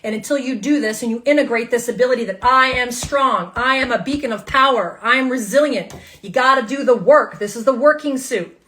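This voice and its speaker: A woman's voice: on the high side, fairly quick, bright, forceful tone, a little hiss or hum. A woman giving a live tarot reading to her viewers, emphatic and fired up, repeating her phrases and swearing casually. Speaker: tarot reader.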